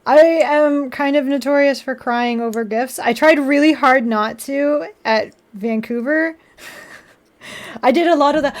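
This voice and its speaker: Brief: high-pitched woman streamer, casual and giggly, swears a lot, live chat. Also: measured pace. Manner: chatty, laughs often, swears casually. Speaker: livestreamer building model kits.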